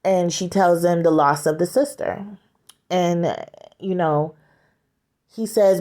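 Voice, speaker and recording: A woman casually retelling a story scene aloud, halting, with frequent fillers and restarts. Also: on the low side, fairly even intonation, warm tone.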